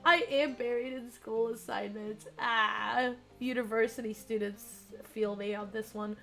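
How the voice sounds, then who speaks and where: A young woman in her twenties streaming herself reading a dating game aloud, giggly and excitable, her voice strained and cracking. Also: on the high side, unhurried, vocal fry, faint music behind. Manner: giggly, excitable, chats with viewers.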